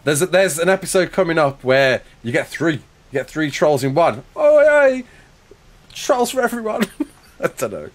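A man's voice: on the high side, moderate pace, slight background noise, poor audio. A man streaming a survival game live, chatting casually, laughing often and joking with chat as he builds.

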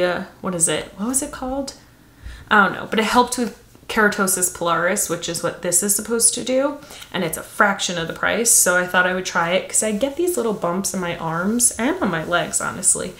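A woman talks through her beauty haul in a chatty, gushing way, trailing off into fillers as she goes. Her voice sits at an ordinary middle pitch. The room around her gives it a noticeable echo. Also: fairly bright tone, slight background noise. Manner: chatty, enthusiastic, lots of fillers. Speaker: beauty vlogger. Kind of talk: casual product haul chat.

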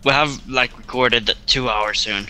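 A man's voice: medium pitch, steady tone, a little slow, bright, forceful tone, a little hiss or hum. A man chatting casually with a friend while gaming, making short laid-back remarks. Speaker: gamer friend.

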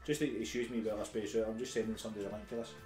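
Young Scottish co-host, rapid banter, roomy echo, music faintly behind. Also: male voice, on the low side, flat delivery, a little mellow. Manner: banterous, quick, sweary. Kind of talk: casual chat. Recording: echoey room with music behind.

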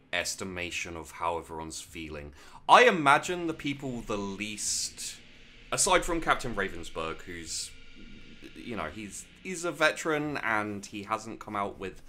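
British game master, lively bright voice. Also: male voice, fairly low pitch, a little hiss or hum. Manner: casual, halting with fillers, laughing. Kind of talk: narrating a tabletop game.

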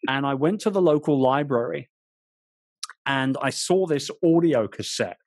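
Animated British man telling stories. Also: mid-range voice, a little slow, no room sound, studio quality. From England. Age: 40s. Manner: animated storyteller, frequent restarts. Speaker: author guest. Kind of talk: storytelling interview chat.

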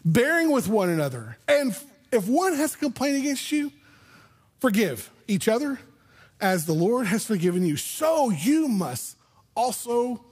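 Husky high-voiced man preaching a sermon. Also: darkish tone. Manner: conversational preaching with frequent restarts. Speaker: pastor. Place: church sanctuary.

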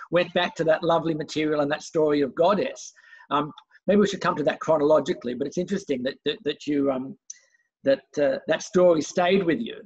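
Man, husky higher voice, hesitant rambling interviewer, dull recording. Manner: hesitant, many fillers and restarts. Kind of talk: conversational interview.

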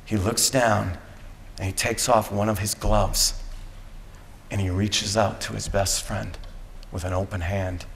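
A man giving a graduation speech, telling a dramatic story with slow, deliberate pauses. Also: lowish voice, little pitch movement, vocal fry, fairly bright tone, a little hiss or hum. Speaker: commencement speaker. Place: school graduation ceremony. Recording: echoey hall from a PA.

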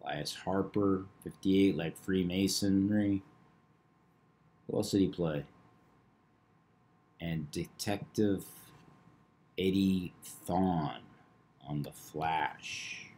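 A man hosting a video, talking through number patterns in a measured, knowing way. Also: low-pitched, steady tone, a little mellow. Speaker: numerology video host. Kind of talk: casual monologue.

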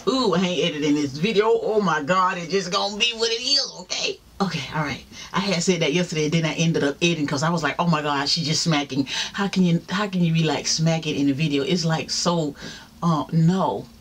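A woman's voice: low voice, a little fast, slight background noise. Chatty woman mukbang vlogger. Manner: chatty, talks straight to viewers, religious exclamations. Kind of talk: casual chat while eating. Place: home, seated in a chair.

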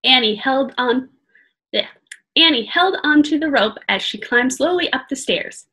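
A woman reading a children's chapter book aloud like a teacher, gently pausing to ask her listeners questions. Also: high voice, animated, poor audio. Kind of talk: storybook read-aloud for children.

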